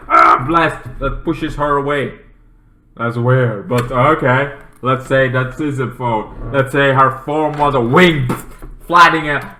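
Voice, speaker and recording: A man casually reviewing a TV episode, rambling and halting, with many fillers and restarts. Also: medium pitch, bright, forceful tone, a little hiss or hum. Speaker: TV show reviewer. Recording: echoey room.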